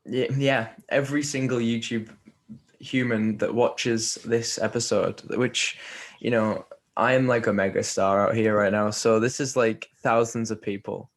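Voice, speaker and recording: A man's voice: medium pitch, steady tone, measured pace. A British man hosting a casual chat show, teasing his guest and asking about his showbiz memories. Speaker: host.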